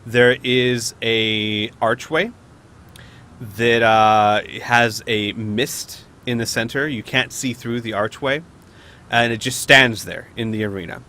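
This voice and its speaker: A man acts as game master for a tabletop role-playing game, narrating in a rambling way full of uhs and restarts. His mid-range voice is steady, slow, bright and forceful.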